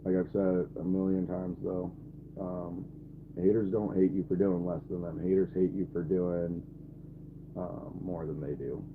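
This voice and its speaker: A man's voice: low-pitched, flat delivery, measured pace, background noise. A man in his twenties live streaming and talking to his chat, blunt and irritated, swearing often. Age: 20s. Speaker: livestreamer. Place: camper. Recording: tinny phone-like audio, faint ambience.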